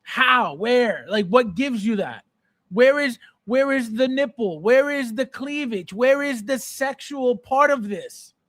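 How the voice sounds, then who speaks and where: Hosting a live collector stream as a podcast host, a man with a very high, fairly bright voice speaks slowly while ranting in exasperation and repeating himself as he responds to the chat. The recording is dry and studio quality.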